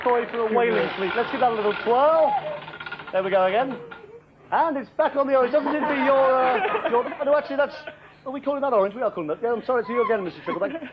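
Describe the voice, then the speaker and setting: A flustered British quiz show host with a strikingly high voice, chummy and forever saying sorry. The sound is a dull, noisy old videotape. A loud studio audience fills the background. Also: male voice, fast talker, a crowd in the background. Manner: chummy, calls contestants "my darling", apologetic. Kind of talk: sketch comedy parody.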